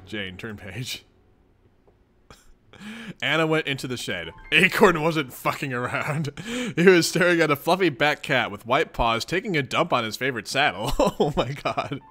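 Male streamer doing a read-along, animated and bright, chatty, laughs a lot. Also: mid-range voice, normal speed, faint music behind. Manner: giggly, excitable, talks to chat. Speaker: streamer reading a webcomic aloud. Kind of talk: casual read-along commentary.

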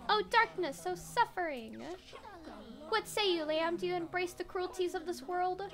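A woman voicing a dramatic, gloomy little bat creature from a video game, slow and theatrical, a bit higher than her usual voice. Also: fairly bright tone. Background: game music.

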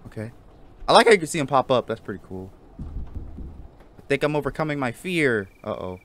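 A man's voice: mid-range voice, very animated, moderate pace, slight background noise. A man commenting nervously while playing a horror game, reacting with jumpy outbursts over the game's music. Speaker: gaming YouTuber. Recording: loud game music behind.

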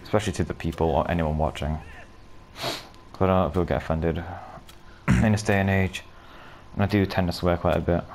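Brief: low-voiced male gamer, loose foul-mouthed running commentary, faint hiss underneath. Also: steady tone, a little fast, gravelly. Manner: casual and rambling, swears often, bursts into loud shouts and laughter. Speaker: gaming video creator. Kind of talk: live gameplay commentary.

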